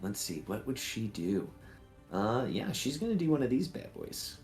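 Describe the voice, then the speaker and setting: A man narrating as game master for a tabletop game, relaxed and halting with many fillers. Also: medium pitch, soft background music.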